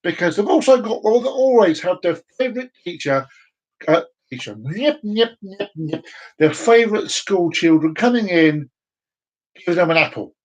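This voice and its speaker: A man with a fairly high voice, rambling through a casual, teasing monologue for his channel. He talks in bursts and often restarts his sentences. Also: animated, normal speed, low-quality recording. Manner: teasing, chatty, many restarts. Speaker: vlogger.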